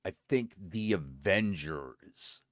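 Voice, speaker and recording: A man's voice: sits low, takes it slowly, no room sound, studio quality. A man hosting his own stream, chatting casually and telling a story with lots of swearing, acting out both sides of conversations. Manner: animated, profane, acts out both sides of conversations. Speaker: streamer host.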